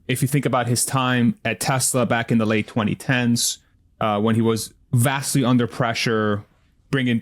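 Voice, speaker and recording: A man co-hosting a podcast, thinking aloud in a reflective, casual way with frequent restarts. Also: mid-range voice. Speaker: podcast co-host.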